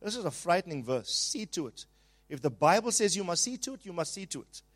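High-voiced emphatic male preacher. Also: big pitch swings. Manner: emphatic preaching, leads the congregation in call-and-repeat; slows down and rises in pitch and volume on key phrases. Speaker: pastor. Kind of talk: sermon.

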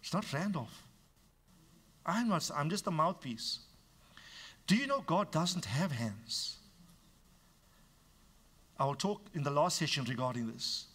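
A man preaching a sermon with a bright, sharp tone and a voice pitched a little above most men. He talks frankly to his congregation and teases them now and then. He drops into low asides, then climbs to loud, emphatic lines. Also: animated, measured pace, pauses often, husky. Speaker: pastor.

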